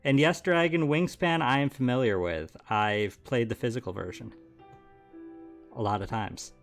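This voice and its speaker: A man's voice: medium pitch, moderate pace. An easygoing male streamer chats with his co-player while getting the game going. His voice sits in a plain middle range, with faint game music behind him. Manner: easygoing, chatty. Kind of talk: let's play banter.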